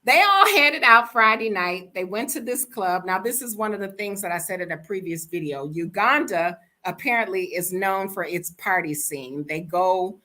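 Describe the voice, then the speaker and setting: A woman's voice: mid-range voice, expressive, moderate pace, few pauses, bright, forceful tone. An older woman from the United States, bluntly and animatedly telling a travel story to her vlog audience. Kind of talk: casual storytime monologue.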